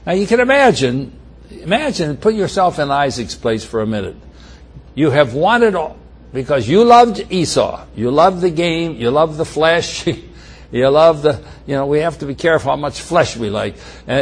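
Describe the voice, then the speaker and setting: A man preaching a sermon, teaching through a Bible passage and acting out its characters with big swings in pitch and loudness. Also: breathy edge.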